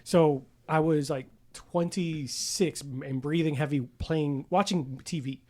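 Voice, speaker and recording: A podcast host in his forties tells stories in casual chat, laughing a lot, swearing, and acting out the voices of the people he quotes. His voice sits on the high side and sounds a little mellow, with fairly even intonation and a slow pace.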